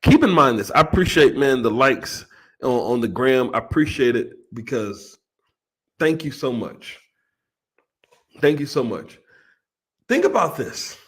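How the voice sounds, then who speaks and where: A man hosting a casual reaction video, talking excitedly and acting out the people he talks about. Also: medium pitch, measured pace, long pauses. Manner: animated, excitable, acts out quoted voices. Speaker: host reacting to a podcast clip.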